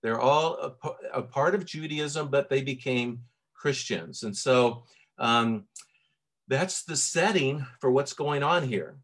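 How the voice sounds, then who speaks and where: A man's voice: mid-range voice, takes it slowly, fairly bright tone. Southern man preaching conversationally. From Tennessee. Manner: conversational, many fillers and restarts. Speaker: pastor. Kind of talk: sermon.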